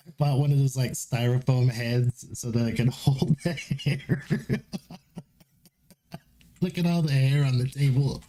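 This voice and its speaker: A man's voice: medium pitch, fairly even intonation, measured pace, long pauses, warm tone. A man chatting casually on a live stream, rambling, laughing often and swearing as he mocks himself, a little tipsy.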